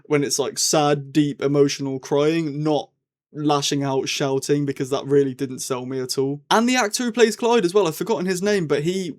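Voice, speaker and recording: A young man giving a casual, rambling TV review, his tone swinging up and down as he talks. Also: a little high. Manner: chatty and rambling, with lively swings in tone.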